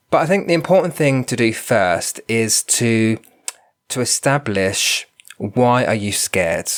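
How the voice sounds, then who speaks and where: A man hosting his own podcast, nasal and bunged up from a cold, talking gently and reflectively as he thinks aloud. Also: fairly low pitch. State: congested from a cold. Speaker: podcast host and spiritual medium. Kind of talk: casual solo podcast talk.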